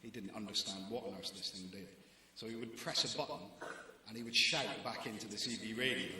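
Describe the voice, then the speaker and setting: A man's voice: on the low side, fast talker, pushed and bright. A man in his forties, a newspaper deputy editor, giving a wry, anecdotal talk to students. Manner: wry, anecdotal, lightly self-mocking. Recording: very echoey hall.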